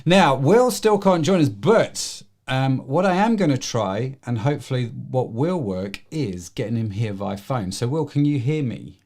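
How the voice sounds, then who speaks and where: Casual, joking male livestream host, mid-pitched, easygoing chat. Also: animated, measured pace, few pauses, a little mellow. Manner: chatty, joking, loose delivery.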